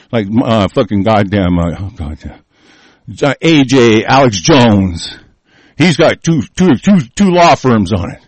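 A man with a fairly high voice rants in a furious, profane tirade, cursing at every turn. The sound is close and dry, with no room echo. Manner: angry profane ranting. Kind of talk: political rant.

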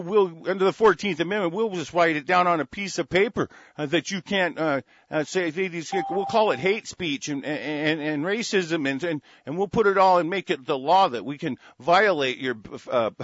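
A man's voice: high voice, fairly bright tone, dry recording, lo-fi sound. A man from the United States ranting angrily to his audience, cursing constantly and restarting his sentences often. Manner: angry, profane, repetitive with frequent restarts. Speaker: political commentator.

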